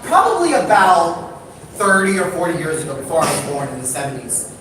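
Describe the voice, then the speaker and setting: A man speaking to a live audience from across an echoey hall, his voice picked up from far off over steady background noise. He tells stories with animated energy and draws the crowd into questions. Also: a little high, a little fast. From United States. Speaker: storyteller. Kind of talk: live storytelling talk to an audience.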